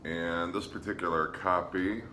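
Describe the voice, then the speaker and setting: A man casually showing his record collection on a vlog, relaxed and hesitant, with frequent ums. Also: low voice, unhurried, noisy background. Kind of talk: casual show-and-tell vlog.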